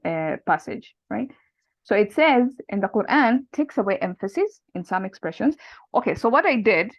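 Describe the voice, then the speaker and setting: A woman's voice: mid-range voice, no echo. A woman leading a casual study group, walking through her translation step by step with restarts and fillers. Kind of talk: casual online lesson. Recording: dull dry lo-fi sound.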